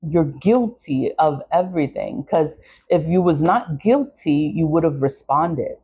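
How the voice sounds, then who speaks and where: Middle-aged woman ranting to camera, husky voice, hammers the same points over and over. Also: low voice, lively intonation, measured pace, mellow. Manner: emphatic, repeats her points. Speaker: vlogger. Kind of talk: casual venting monologue.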